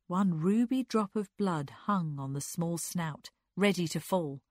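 A woman narrating a literary story aloud in an unhurried, expressive reading. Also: fairly low pitch, no echo, clean studio sound.

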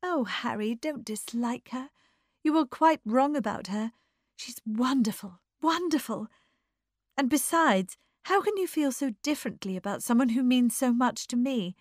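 A woman reading aloud plays an excitable young wife who gushes in a raised, breathless voice. Her pitch leaps and falls in a lively way, and the delivery is unhurried, in a dry, close recording. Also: dry recording. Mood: pleading, gushing. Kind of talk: audiobook character voice.

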